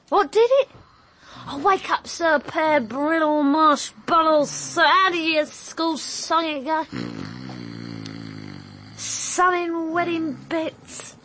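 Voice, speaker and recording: A woman's voice: sits high, slow. A woman playing a frantic young woman puzzling out a riddle and urging someone awake in a comic radio play. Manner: excitable, mumbling then urgent.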